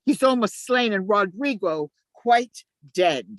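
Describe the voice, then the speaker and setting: Woman reading cunning male schemer, lively pitch, dry sound, urgent then hushed. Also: slow, no echo. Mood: scheming. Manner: shifts between urgent shouts and low asides. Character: scheming male ensign, sly and cold. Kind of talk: amateur play reading.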